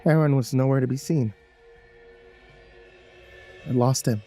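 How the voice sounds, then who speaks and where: A man's voice: medium pitch, measured pace, dark tone, faint music behind. A man narrating a first-person horror story in a tense, breathless way, stumbling over words now and then.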